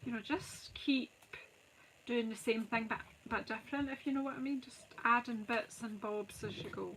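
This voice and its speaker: A woman's voice: on the high side, steady tone, normal speed, a bit bright, a little hiss or hum, low-quality recording. Chatty Scottish woman crafting live. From Scotland. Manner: chatty, jokey, greets viewers by name. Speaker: craft channel host. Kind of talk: live-stream crafting chat.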